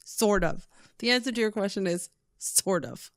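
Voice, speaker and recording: A woman guest in a casual podcast chat, bubbly and given to squealing when she quotes her own excitement. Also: medium pitch, moderate pace, no room sound, studio quality.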